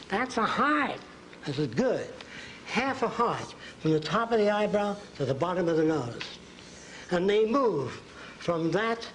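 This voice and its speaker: A man's voice: fairly high pitch, a little hiss or hum, poor audio. An older man giving a folksy college lecture at a blackboard, acting out quotes. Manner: folksy, drawing on a blackboard while talking, acts out quotes. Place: lecture hall.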